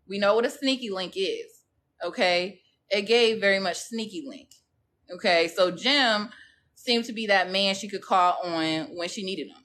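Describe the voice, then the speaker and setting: A woman's voice: lowish voice, fairly bright tone. Chatty, gossipy woman livestreaming. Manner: chatty, gossipy, slangy, keeps checking in with "okay?". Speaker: true crime livestream host. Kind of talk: casual chat with live viewers.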